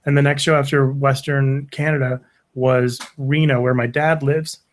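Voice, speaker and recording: A man's voice: mid-range voice, moderate pace. A man, a podcast guest, telling a story in casual chat, swearing and acting out what others said. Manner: animated, acts out quoted voices, swears often.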